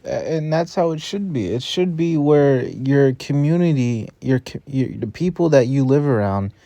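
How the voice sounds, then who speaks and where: Earnest man with a dark, dry voice. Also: mid-range voice, expressive, moderate pace, no echo. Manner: earnest, conversational, builds into a rant. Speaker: host reacting to a video. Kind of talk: casual commentary.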